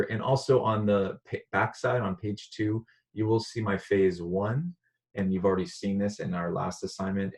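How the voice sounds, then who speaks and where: A man teaching a recorded online lesson in a relaxed, conversational way, with frequent "uh" fillers. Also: low voice.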